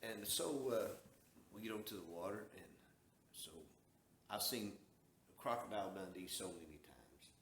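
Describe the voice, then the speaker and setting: A man's voice: fairly low pitch, expressive, normal speed, long pauses, a bit bright. Man, from the southern US, folksy drawling storyteller, echoey room, faint background hum. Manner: folksy, drawling, acts out quoted dialogue. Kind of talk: casual storytelling.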